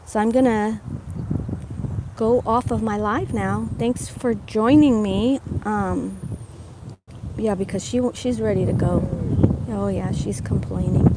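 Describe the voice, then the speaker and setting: A woman's voice: medium pitch, steady tone, slow. A woman livestreaming while walking her dogs, chatting in a meandering, casual way into a phone held in her hand. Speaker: vlogger livestreaming a dog walk. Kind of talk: rambling casual live chat. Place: outdoors on a rural walk. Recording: phone audio outdoors with loud background noise. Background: loud birdsong and outdoor noise.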